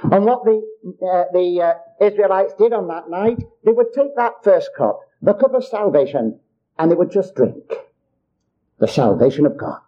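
A man's voice: high voice, lively intonation, normal speed. An older man preaching a sermon in an earnest, repetitive way, often calling his hearers child of God. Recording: dull lo-fi recording.

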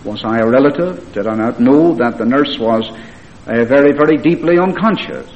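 A man telling a story in a sermon as a preacher, in a plain, earnest and measured way. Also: mid-range voice, lively intonation, muffled recording, slight background noise.

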